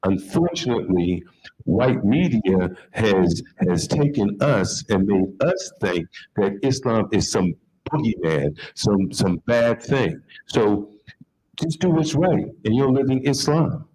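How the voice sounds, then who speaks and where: Very deep, slow-talking man. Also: lively intonation, darkish tone, a little hiss or hum, low-quality recording. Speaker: panelist. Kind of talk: panel discussion answer.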